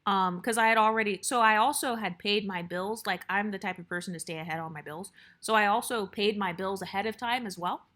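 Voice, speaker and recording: A young woman telling a casual storytime about her workplace, blunt and animated, swearing freely and acting out what others said. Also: mid-range voice, a little fast, hardly any pauses.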